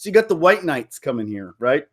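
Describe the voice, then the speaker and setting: A man ranting sarcastically on a vlog, with animated delivery and laughing asides. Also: a little high, fairly quick. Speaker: vlogger. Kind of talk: opinion rant commentary.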